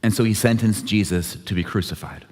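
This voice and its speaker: A man's voice: lowish voice, fairly quick, darkish tone. A man leading a church service, telling a scripture story with light voicing of each character. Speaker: worship leader. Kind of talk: dramatic scripture retelling. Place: church sanctuary. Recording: long hall reverb.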